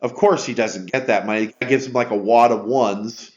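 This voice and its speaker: A man's voice: medium pitch, fairly even intonation, normal speed. A man co-hosting a podcast, sarcastically retelling a movie's plot in casual chat. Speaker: podcast co-host. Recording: dull lo-fi sound.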